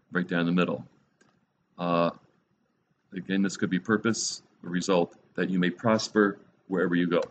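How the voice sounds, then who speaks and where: Deep-voiced man teaching a Bible class. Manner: relaxed, rambling, many fillers and restarts. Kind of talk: classroom lecture. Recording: dull lo-fi recording with faint noise.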